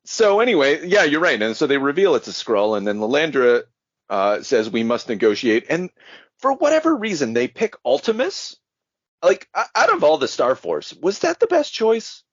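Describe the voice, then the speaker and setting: A male podcast co-host rambles through his points with fillers and quick laughs. His voice is husky, with a lively pitch. The sound is dry and lo-fi. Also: no room sound. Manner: rambling, hesitant, giggly. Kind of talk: casual chat.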